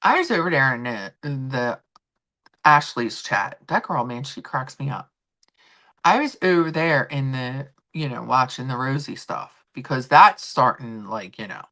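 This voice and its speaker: A woman with a bass voice and sharp tone hosts a casual chat livestream, rambling and swearing freely as she talks to her viewers.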